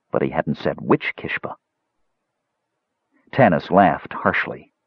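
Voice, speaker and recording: Deep, husky male narrator. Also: no echo, dull audio. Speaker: audiobook narrator. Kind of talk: scripted fantasy narration.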